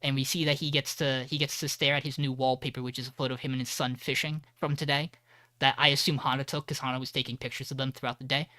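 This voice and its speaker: A man co-hosting a podcast, retelling an episode in a casual, animated way and acting out the characters' lines with restarts and swearing. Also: medium pitch, fast talker, dry recording. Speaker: podcast co-host. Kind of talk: casual recap of an anime episode.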